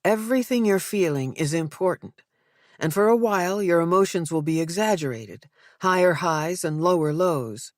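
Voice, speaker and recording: A woman voicing a calm female therapist in an audiobook, gentle and measured. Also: fairly low pitch, no echo, clean studio sound, close to an everyday voice.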